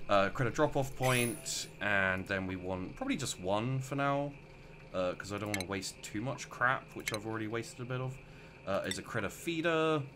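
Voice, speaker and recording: A man's voice: on the low side, background noise. A man casually commentating his gameplay, rambling and mocking himself as he plays. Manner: rambling, self-mocking, talks to himself while playing. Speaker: let's play gamer.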